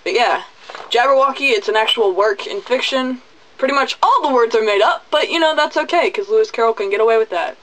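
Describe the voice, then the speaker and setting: A man's voice: very high-pitched, a little fast, fairly bright tone, low-quality recording. A man giving a casual spoken movie review, chatty, goofy and full of profanity. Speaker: video reviewer.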